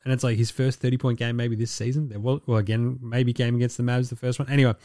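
A man's voice: medium pitch, flat delivery, fast talker, mellow, dry recording. Male podcast host, casual sports chat, irreverent and sweary, mid-range voice, dry close mic. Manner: loose, sweary and joking.

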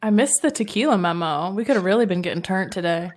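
A woman's voice: mid-range voice, lively intonation, fast. Bubbly woman guest on a podcast. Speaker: dietitian guest. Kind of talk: casual chat.

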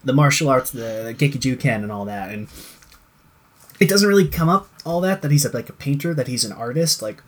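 Casual male co-host, husky and rambling, with lots of fillers. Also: medium pitch, expressive, fairly quick. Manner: rambling, many fillers and restarts, swears casually. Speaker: co-host discussing a TV show. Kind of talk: casual chat.

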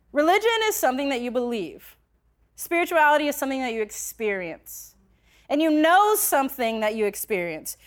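Passionate woman telling a personal story. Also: sits high. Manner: conversational, many filler likes, grows passionate. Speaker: speaker sharing a personal story.

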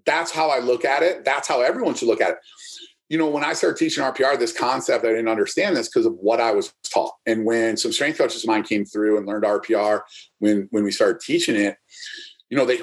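A man's voice: mid-range voice, a little fast. A man who coaches strength and fitness, explaining his ideas emphatically in a podcast interview and often checking in with "right?".

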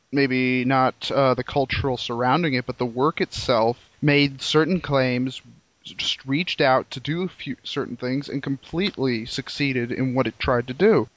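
A man's voice: mid-range voice, normal speed, fairly bright tone, no room sound. A man hosting a games podcast discussion, earnest and questioning, laughing often. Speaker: podcast host. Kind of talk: casual roundtable discussion. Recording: dry dull lo-fi podcast audio.

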